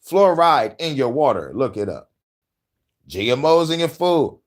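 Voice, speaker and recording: A middle-aged man hosting a casual rant podcast, profane and animated, laughing often and shouting at times. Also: mid-range voice, measured pace. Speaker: podcast host.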